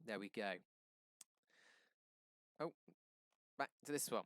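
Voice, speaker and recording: A man's voice: on the low side, slow pace, fairly bright tone, dry recording. A male teacher running a live-streamed remote lesson, quizzing the class and answering his own questions, often correcting himself mid-sentence.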